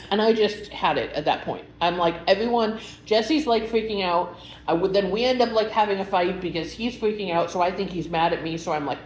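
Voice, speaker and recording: A young woman telling a personal story in a casual vlog, rambling and emotional, with many filler words. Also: lowish voice. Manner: chatty, rambling, full of "like" fillers; emotional, animated retelling. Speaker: vlogger. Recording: roomy echo with faint background hum.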